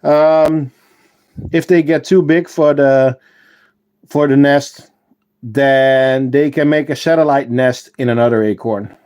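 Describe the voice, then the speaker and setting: A man hosting a casual livestream, chatting with viewers and answering their comments, unhurried and full of fillers and self-corrections. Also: on the high side, dark tone. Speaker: ant-keeping channel host and shop owner.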